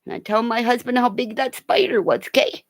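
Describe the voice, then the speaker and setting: An older woman with grandchildren, telling funny home stories in a casual, animated way, laughing often and swearing now and then. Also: a little high, a little fast. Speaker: vlogger. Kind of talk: casual storytelling.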